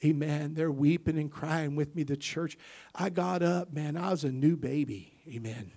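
A man delivers a sermon in a voice pitched a little above the usual for men. He tells his testimony softly and slowly, then climbs into loud, driving preaching, dropping "amen" after nearly every phrase. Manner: testimony that swells from hushed to loud emphatic preaching; punctuates with frequent "amen".

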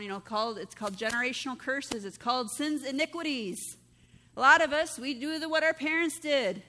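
A woman pastor preaches in a chatty, questioning way, often checking in with her listeners. Her voice sits a bit high and rings bright. The sound trails off in the long reverb of a large church hall. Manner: conversational, peppered with rhetorical "right?". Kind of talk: sermon.

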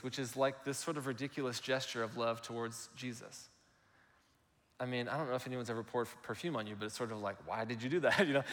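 A man's voice: mid-range voice, fairly bright tone, long reverb tail. A male pastor giving a conversational, explanatory sermon.

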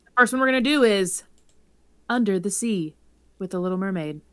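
A woman's voice: mid-range voice, lively intonation, brisk, smooth, no room sound. A woman co-hosting a podcast in casual chat, playful and teasing. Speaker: podcast co-host.

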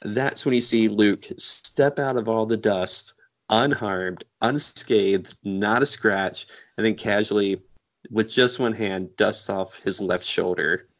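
A man's voice: fairly low pitch, slow. Enthusiastic man retelling a film scene. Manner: enthusiastic, animated storytelling. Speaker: podcast co-host. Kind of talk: casual fan discussion.

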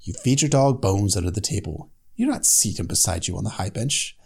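A man's voice: lowish voice, animated, a little fast, creaky, a little mellow, slightly rough, pitched below the performer's own voice, full character voice. A man voicing a cold, stern aging lord who gives clipped, icy orders as he reads from a fantasy book.

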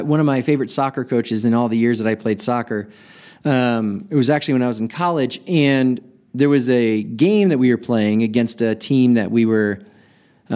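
A man hosting a podcast, telling a personal story in an earnest, reflective way and slowing down to stress key points. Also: medium pitch, darkish tone. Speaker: podcast host.

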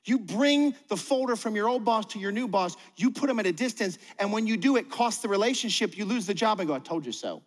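A man's voice: high voice, a little fast, few pauses. A man preaching a sermon as pastor, conversational, acting out quoted voices. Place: church auditorium. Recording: long hall reverb.

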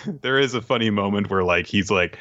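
A man co-hosting a casual podcast, recapping an anime with animated, laughing delivery and acting out the characters' lines. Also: lowish voice, brisk, lo-fi sound. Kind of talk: casual chat.

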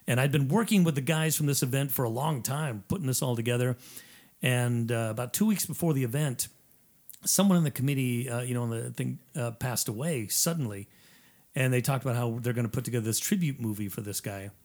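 A man's voice: medium pitch, fairly quick. A middle-aged man, an improv comedy performer, telling stories in a casual chat and acting out what others said with laughs between lines. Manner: animated storyteller who acts out what people said and laughs between lines. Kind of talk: casual podcast chat, storytelling.

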